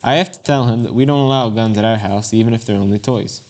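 A man reading as a gentle, soothing young mother. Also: lowish voice, fast talker, natural voice. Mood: earnest. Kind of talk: reading a story aloud.

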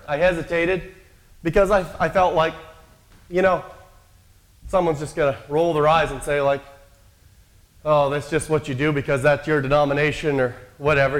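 A man preaching a sermon in a conversational, storytelling way, acting out quotes from the characters he describes. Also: a little high.

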